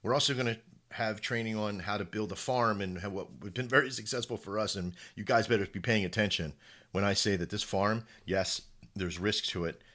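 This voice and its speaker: A man casually pitching his project to a live community, rambling and excitable, swearing and often repeating himself. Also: fairly quick. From United States. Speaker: crypto project founder hosting a live audio space.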